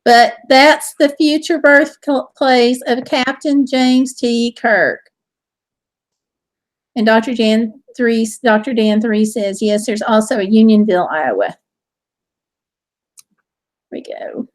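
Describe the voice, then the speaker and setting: Chatty woman host, high voice. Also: level tone, slow. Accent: Southern US. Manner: cheerful, reads viewer comments aloud. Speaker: live stream host reading chat. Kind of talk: casual live stream chat. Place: home.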